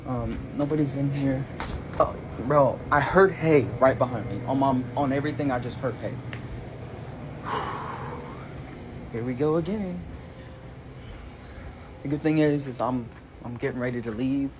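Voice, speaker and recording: Nervous young man on a noisy phone video. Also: mid-range voice. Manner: nervous, jumpy, slangy, breaks off mid-sentence. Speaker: night-shift store worker filming. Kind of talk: frightened self-filmed clips. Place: indoors, store at night. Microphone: handheld phone camera.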